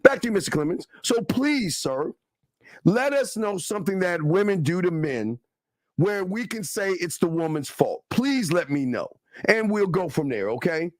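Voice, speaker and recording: A man's voice: sits high, very animated, normal speed, no echo, clean studio sound. A man co-hosting a live talk show, profane and confrontational, talking animatedly to his audience. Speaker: co-host. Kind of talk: heated livestream talk.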